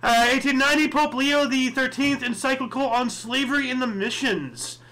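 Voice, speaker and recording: A man with a high, bright voice hosts a casual history show. He reads off dates and events, then rambles through asides full of fillers and second thoughts. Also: normal speed. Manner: rambling, thinks aloud with many fillers and asides. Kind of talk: casual solo commentary reading history events.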